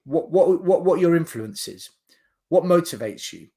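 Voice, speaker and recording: A man co-hosting a casual football podcast, explaining his points step by step with lively emphasis. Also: a little high, moderate pace. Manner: animated, explains in numbered points. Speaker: podcast co-host.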